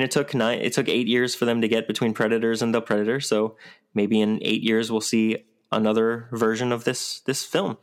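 A man hosting a podcast, talking about movies in a relaxed, plainspoken casual chat. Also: fairly low pitch. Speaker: podcast host.

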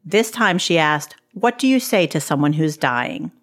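A woman hosting a podcast, giving measured, scripted narration in a reflective tone. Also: deep voice, animated. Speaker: podcast host.

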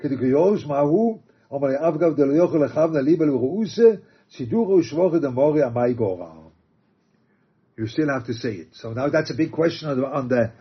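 A man teaching a religious text, reading quotes aloud and explaining them halting restarts. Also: a little high, lively intonation, slightly rough. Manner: reads Aramaic and Hebrew quotes then explains in English, halting restarts. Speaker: Torah teacher. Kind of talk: text study lecture. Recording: dull lo-fi recording.

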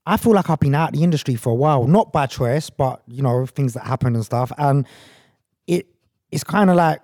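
A man's voice: medium pitch, expressive, a little fast, darkish tone, no room sound, clean studio sound. A man talking as a guest in a casual interview, reflective and earnest, often restarting his sentences. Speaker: guest actor and director.

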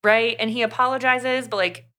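A young woman co-hosting a podcast, casually retelling a book's plot in an animated way, full of "like". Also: on the high side, normal speed. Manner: chatty, animated retelling with lots of "like". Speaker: podcast co-host. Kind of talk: casual book review chat.

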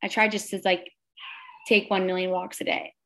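A woman's voice: medium pitch, level tone, moderate pace, a bit bright. A woman who is a guest on a podcast, chatting casually and filling her talk with "like". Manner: chatty, fills speech with "like". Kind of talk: casual chat.

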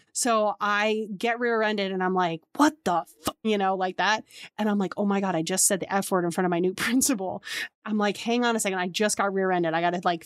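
Woman, 30s, podcast host, casual storyteller, animated quotes, dry booth sound. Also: mid-range voice, no echo. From New York area. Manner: chatty, acts out quoted dialogue with lots of "like".

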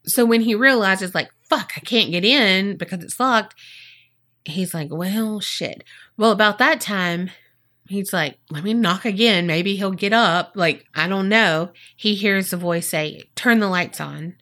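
Woman, bright voice, casual true-crime podcast host, chatty, swears, does funny voices. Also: mid-range voice, a little slow. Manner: chatty and profane, acts out quotes in funny voices.

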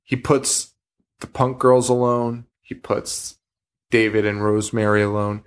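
A man's voice: mid-range voice, level tone, a little slow, smooth. A man co-hosting a horror podcast, recapping a movie in casual chat, swearing freely, laughing often and acting out the characters' lines. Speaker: podcast co-host.

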